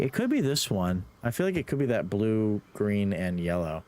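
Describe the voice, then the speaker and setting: Lively Irish man streaming a game. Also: on the low side, moderate pace, hardly any pauses. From Ireland. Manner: playful, swears, laughs, talks to chat. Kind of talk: live gaming stream chat.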